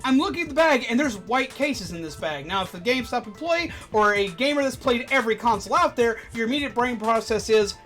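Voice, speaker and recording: A streamer and former game store manager telling stories in casual chat, animated, with loud indignant outbursts. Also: medium pitch, fairly quick, few pauses, faint music behind.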